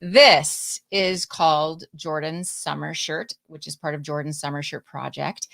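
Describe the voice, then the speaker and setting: A woman's voice: deep voice, fairly even intonation, unhurried, gravelly, a bit bright. Effusive woman hosting a live podcast. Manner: effusive and encouraging, gushing praise. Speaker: podcast host. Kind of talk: live-streamed interview.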